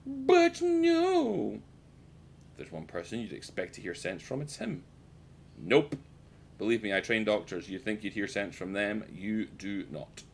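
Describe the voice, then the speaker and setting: A British man with a lowish voice rambles through casual gameplay commentary, tossing out jokes and swearing freely at his viewers. A faint rumble sits under his desk mic. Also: normal speed. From United Kingdom. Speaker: streamer.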